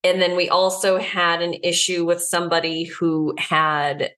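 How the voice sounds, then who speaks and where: Woman co-host on a podcast, kinda low voice, candid storyteller. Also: flat delivery, unhurried, fairly bright tone. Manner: candid, storytelling, laughs easily. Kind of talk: casual podcast chat.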